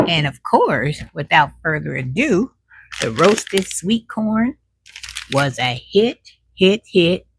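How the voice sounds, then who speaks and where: A woman with a lowish voice does a snack taste test over background noise, chatting casually and folksily. She talks while chewing, savors the food with drawn-out hums, and drops "child" as an aside.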